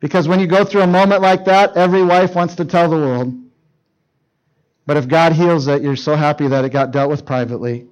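The speaker is a Canadian man in middle age giving a sermon to teens, narrating a story and voicing its dialogue urgently. His voice sits on the high side, steady in tone and fairly quick, with lo-fi sound.

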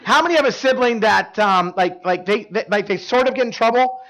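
With a high, fairly bright voice and a fairly quick pace, a male pastor gives an informal sermon to a live congregation. He keeps quizzing listeners and leans on fillers like "like."

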